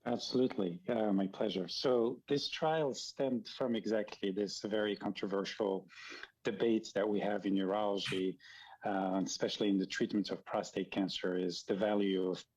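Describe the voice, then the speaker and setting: A man guest surgeon on a video call, explaining research in a measured, careful way. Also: lowish voice, fairly even intonation, darkish tone, breathy edge. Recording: dull video-call audio.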